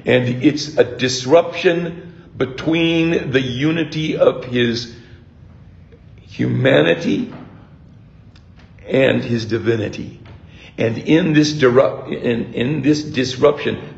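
An older man gives a sermon in a slow, unhurried voice that is heavily gravelly. He preaches reflectively and stops often to restart his words. The recording is dull and roomy. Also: mid-range voice. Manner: reflective, halting with repeated restarts. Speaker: priest.

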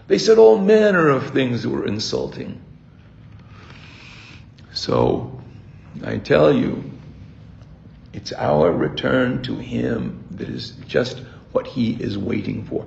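An older man gives a sermon in a slow, unhurried voice that is heavily gravelly. He preaches reflectively and stops often to restart his words. The recording is dull and roomy. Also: mid-range voice, animated, a little mellow. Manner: reflective, halting with repeated restarts. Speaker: priest.

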